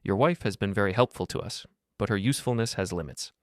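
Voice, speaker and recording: Brief: suave threatening crook, condescending, low voice, read by a man. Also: fast, no echo, studio quality, close to an everyday voice. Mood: smooth menace. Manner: smooth, condescending, quietly threatening. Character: smooth, menacing small-time male club owner.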